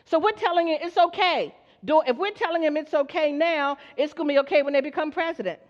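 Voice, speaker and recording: High-voiced woman preaching in a reverberant hall. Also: fast. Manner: call-and-response, asks the congregation questions; acts out story characters in quoted voices. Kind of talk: sermon to a church congregation. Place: church hall. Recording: dull lo-fi recording with long hall reverb.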